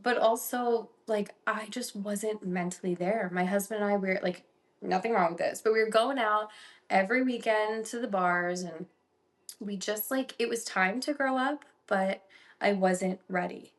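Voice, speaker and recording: A young woman with a mid-range voice, speaking at a normal speed, co-hosts a casual podcast. She tells a personal story animatedly, using lots of "like" as filler.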